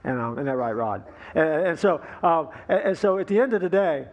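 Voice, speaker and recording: A man preaching a sermon as pastor, telling a story in a folksy, relaxed way with fillers and asides to the congregation. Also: on the high side, a little fast, muffled recording.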